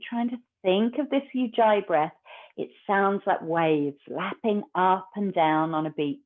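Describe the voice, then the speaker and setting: A woman, a yoga teacher guiding a class in a calm, gentle, unhurried way. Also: medium pitch. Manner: calm, slow, gentle guidance. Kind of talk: guided yoga instruction. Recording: tinny phone-like recording.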